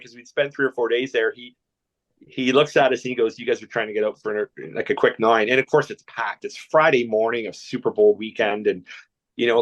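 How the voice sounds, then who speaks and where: A man from Canada, a guest telling a long anecdote, rambling and animated, with lots of restarts. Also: medium pitch, lo-fi sound. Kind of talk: storytelling anecdote.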